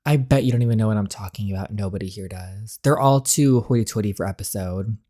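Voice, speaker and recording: A man's voice: lowish voice, fast talker, warm tone, pitched below the performer's own voice, close to an everyday voice. A man reading the lines of a moody, bookish woman art expert in a story game, in a sulky tone.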